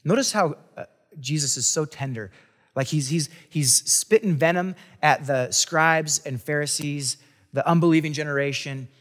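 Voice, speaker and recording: A man gives a sermon as a pastor in a relaxed, chatty way, circling back and restarting his sentences as he goes. His voice sits a bit higher than most men's. The sound carries a long reverb, as if in a large hall. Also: normal speed. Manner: casual and chatty, with frequent restarts and asides. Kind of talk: conversational sermon.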